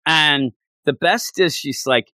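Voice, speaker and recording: A man's voice: on the high side, takes it slowly, pushed and bright, dry recording, studio quality. A man in casual chat, animatedly retelling an anime episode and acting out the characters' lines. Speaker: podcast co-host.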